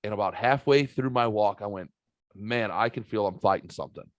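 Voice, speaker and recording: Male podcast host from the Saint Louis area, casual storyteller, lively and profane, dry close mic. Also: fairly low pitch, brisk, dry recording, lo-fi sound. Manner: animated, swearing, acts out quotes. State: recovering from a sinus virus.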